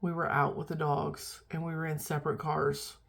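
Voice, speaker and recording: A middle-aged woman vlogs in a rambling, chatty, self-deprecating way, sounding tired and yawning as she talks casually. Her voice sits low and level, creaky with a breathy edge, at a normal speed.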